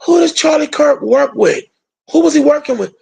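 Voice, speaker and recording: Brief: gravelly commentator, emphatic and sarcastic, monologue delivery. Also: high voice, expressive, moderate pace, a little mellow. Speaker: political commentator. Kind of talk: opinion monologue.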